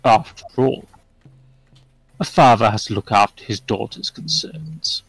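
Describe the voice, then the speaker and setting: A man's voice: on the low side, measured pace, creaky, slightly rough, dry recording, faint music behind, full character voice, low-quality recording. A man voicing a sly, smug male devil who talks with an amused drawl. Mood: dismissive.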